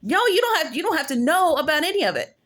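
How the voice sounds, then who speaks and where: A woman's voice: high-pitched, big pitch swings, quick pace, fairly bright tone. A woman giving a casual commentary rant on her own channel, emphatic and slangy, repeating phrases for effect.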